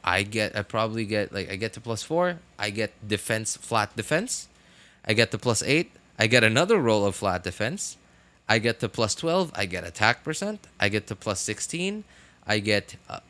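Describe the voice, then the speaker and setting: A man's voice: lowish voice, sharp tone, no echo. A man streaming a game, chatting casually in a rambling, wry way, often restarting his sentences. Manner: rambling, self-correcting, wry. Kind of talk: casual live-stream chat.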